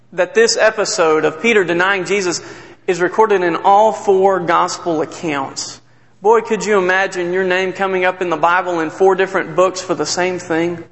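A man preaching a sermon, retelling scripture with earnest, emphatic storytelling that drops low and soft at sad moments. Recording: long hall reverb.

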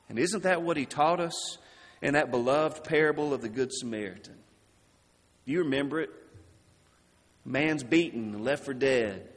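A man preaching a sermon, slow and deliberate, dropping his voice low and soft on key words. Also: in a large hall.

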